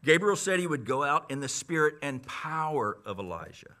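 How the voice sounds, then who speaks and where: Male pastor, conversational sermon delivery, bright tense tone, slightly higher voice. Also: moderate pace. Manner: conversational, animated Bible teaching with many restarts.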